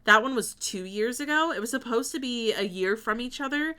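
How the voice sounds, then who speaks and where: A woman's voice: a little high, lively intonation, fairly quick, bright, forceful tone, clean tone. A woman streamer chatting casually while building in a game, thinking aloud and answering her chat.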